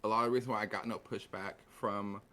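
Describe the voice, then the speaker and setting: A man's voice: lowish voice, fairly even intonation, fairly quick, pushed and bright. A man on a panel talking casually, rambling with lots of "like" and restarts. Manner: loose and rambling, full of "like" and restarts.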